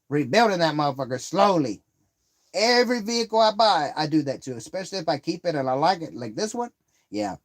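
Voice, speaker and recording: A man with a fairly high voice rambles through a story on a live stream. He swears in nearly every sentence and turns heated and loud as he relives an old grievance. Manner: profane, rambling, swears constantly; heated and worked up while retelling a grievance.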